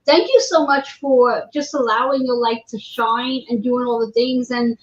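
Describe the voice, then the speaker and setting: A woman's voice: fairly high pitch, moderate pace. A woman hosting a livestream interview, chatty and encouraging, often repeating her words. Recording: roomy, dull lo-fi livestream audio.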